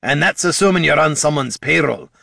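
A man's voice: fairly high pitch, brisk, creaky, pushed and bright, no echo, studio quality, voice pushed up, full character voice. A man voicing a blunt, folksy veteran adventurer who worries about his party. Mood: earnest.

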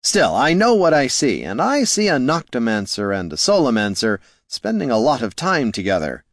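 A man's voice: mid-range voice, wildly swooping pitch, normal speed, dry recording, clean studio sound, pitched above the performer's own voice. A man voicing a smug, flamboyant male bard who teases in an airy, sing-song way.

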